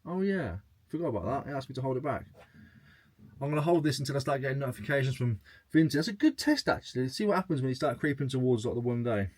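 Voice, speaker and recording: A man's voice: medium pitch, big pitch swings, fast, husky, dry recording. A man chatting casually to camera as a reselling vlogger, joking as he goes through his sales. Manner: chatty and jokey, reading out sales.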